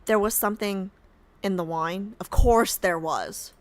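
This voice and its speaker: A young woman streaming a game, chatting casually and excitably, swearing and filling with "like". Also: medium pitch, a little slow. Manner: excitable, swears a lot, fills with "like". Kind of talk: casual gameplay commentary.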